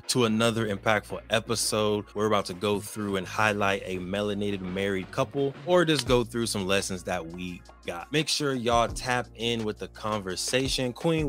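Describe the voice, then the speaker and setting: A man's voice: fairly low pitch, fairly bright tone, roomy sound. A man hosting a casual podcast, talking with an upbeat, hype-man delivery and leaning on repeated catchphrases. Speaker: podcast host. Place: vacation lodging abroad, indoors.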